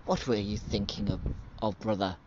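A man's voice: lowish voice, fairly even intonation, moderate pace, lo-fi sound, noisy background, voice pushed down, natural voice. A man voicing a jealous, hostile male giant who speaks scornfully.

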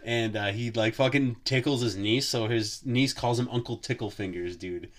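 A man's voice: mid-range voice, normal speed. Profane, rambling man telling a story. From Wisconsin. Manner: profane, rambling, lots of filler words. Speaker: podcast host. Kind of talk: casual storytelling chat.

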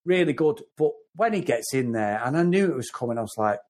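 A man's voice: on the high side, animated, brisk, a little mellow. A man with a Mancunian accent from the north of England, co-hosting a casual film review podcast and talking in long, rambling runs with repeated words. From North West England. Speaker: podcast co-host.

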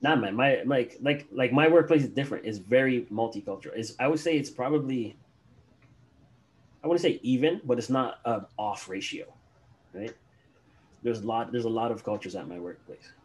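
A man's voice: medium pitch, normal speed, darkish tone. A man in casual chat who laughs a lot and acts out what coworkers say. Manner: laughs often, acts out quotes.

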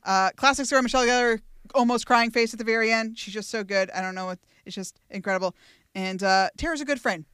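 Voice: medium pitch, fast talker, a bit bright, smooth, dry recording, studio quality. A podcast co-host chatting casually and laughing often. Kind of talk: casual chat.

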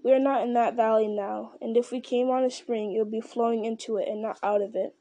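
A weary, earnest hobbit speaks in a grave, measured way, as a woman reads him. His voice is mellow and even, with little rise and fall. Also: fairly high pitch, no echo, close to an everyday voice.

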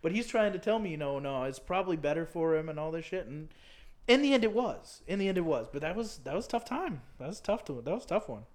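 A man's voice: high voice, very animated, quick pace. A young man co-hosting a casual podcast, talking loosely with lots of fillers and restarts. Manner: filler-heavy, rambling with many likes. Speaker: podcast co-host.

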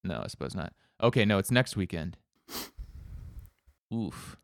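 A man with a low, resonant voice chats casually as a podcast co-host. He rambles with halting restarts and dry jokes. The sound is close and dry. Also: animated, creaky, no room sound. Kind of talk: casual chat.

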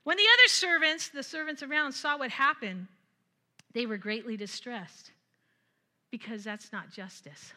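Bright-voiced woman preaching a chatty sermon. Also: high-pitched, a little slow. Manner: animated, laughs often, retells scripture with asides. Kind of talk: conversational sermon.

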